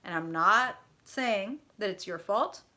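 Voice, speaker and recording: A woman's voice: medium pitch, animated, slow, bright, forceful tone. A woman hosting a live tarot reading, effusive and profane, chatting directly to her viewers.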